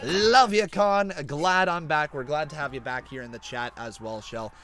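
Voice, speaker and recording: A man's voice: fairly high pitch, moderate pace, a crowd in the background. A man hosting a live reaction stream, chatting casually and reading out viewer donations and questions. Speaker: livestream host.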